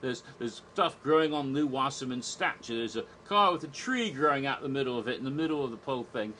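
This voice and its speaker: A man's voice: medium pitch, animated, fairly quick, pushed and bright, a little hiss or hum, rough recording. A man giving a casual spoken review, chatty and rambling, with restarts and little chuckles. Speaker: theme park reviewer.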